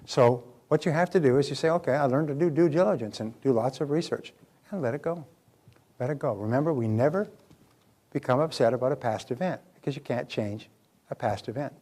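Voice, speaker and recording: A man's voice: mid-range voice, a little fast, dark tone. An older man giving a live motivational seminar lecture, speaking emphatically and putting rhetorical questions to the audience.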